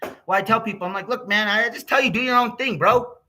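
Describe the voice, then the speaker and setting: A man's voice: high voice, a little fast, sharp tone, a little hiss or hum. An American man ranting in a rambling, profane vlog, swearing constantly and getting heated. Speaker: YouTuber.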